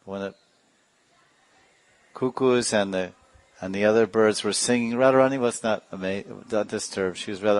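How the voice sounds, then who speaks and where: A man's voice: on the low side, steady tone, normal speed, long pauses, no room sound. A man teaching a devotional class, telling stories animatedly with imitated sounds and chuckling asides. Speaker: spiritual teacher.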